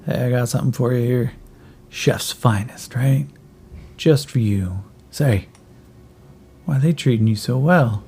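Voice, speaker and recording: A man voicing a skinny, starving cyborg boy who jokes darkly and rambles, in a gravelly voice a little higher than his own. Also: measured pace, long pauses, warm tone. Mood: joking. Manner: wry, rambling, gallows humor. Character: skinny starving cyborg kid, chatty, joking.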